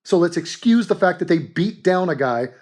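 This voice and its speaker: A man ranting through a reaction commentary, his voice leaping up and down with scorn. He mocks and swears freely, crude and animated throughout. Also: sits high, moderate pace. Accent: Canadian. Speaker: commentary host.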